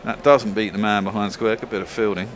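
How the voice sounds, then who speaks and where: A man's voice: fairly low pitch, level tone, fast, a little hiss or hum. A man commentating on cricket ball by ball, trading dry, joking banter with his co-hosts.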